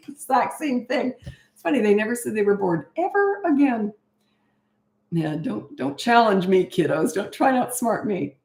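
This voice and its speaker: Chatty middle-aged woman, roomy sound. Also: mid-range voice. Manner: frank, chatty, laughs often. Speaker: parenting coach. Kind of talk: casual live-stream Q&A. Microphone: webcam.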